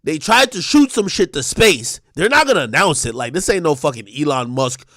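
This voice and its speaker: A man hosting a livestream, delivering a loud, profane comedic rant with shouted bursts. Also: fairly high pitch, very animated, moderate pace, dry recording, studio quality. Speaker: streamer and show host.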